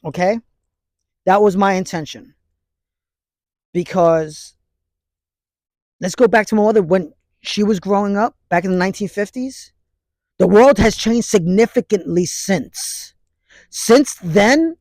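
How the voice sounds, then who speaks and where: A man's voice: sits high, measured pace, pauses often, a little mellow, no room sound, studio quality. A man in his fifties with a New York accent, talking bluntly outdoors in the snow into a phone held by someone else. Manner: blunt, street-slang preachy talk. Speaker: martial arts instructor. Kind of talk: casual outdoor monologue. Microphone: phone held by another person.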